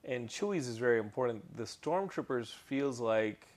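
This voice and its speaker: A man co-hosting a podcast, talking enthusiastically about a film with frequent halting restarts. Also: mid-range voice, expressive, a little mellow. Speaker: podcast co-host. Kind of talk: casual film review chat.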